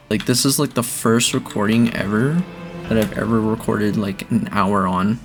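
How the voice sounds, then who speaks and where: A young man casually talking through a zombie game he is playing, rambling between bursts of excitement. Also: fairly low pitch, normal speed, faint music behind. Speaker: gaming video creator. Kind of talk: casual gameplay commentary.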